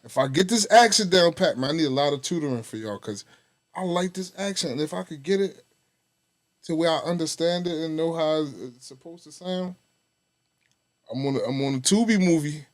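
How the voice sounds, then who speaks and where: A man's voice: fairly high pitch, fairly quick. A man hosting a podcast, talking loosely and jokingly. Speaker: podcast host. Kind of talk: casual chat.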